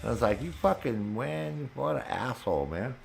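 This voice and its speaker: A man's voice: mid-range voice, expressive, moderate pace, vocal fry, soft background music. Angry swearing man venting on stream. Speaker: game streamer. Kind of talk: casual chat while gaming.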